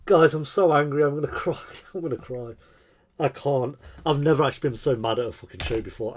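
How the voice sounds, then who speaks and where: A man's voice: medium pitch, normal speed, breathy edge. A man hosting a reaction video, talking casually and with exasperation while he swears and comments on scenes.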